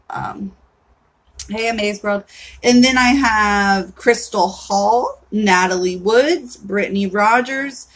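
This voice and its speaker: A woman in her thirties hosting a casual livestream, chatty and candid, often saying "like" and swearing in passing. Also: medium pitch. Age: 30s. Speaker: livestream host.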